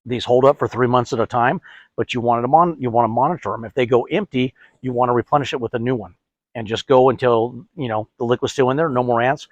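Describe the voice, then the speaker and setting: A man's voice: medium pitch, quick pace, no room sound, highs cut off. A middle-aged man hosting a DIY product tutorial, chatty, asking and answering his own questions. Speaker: host.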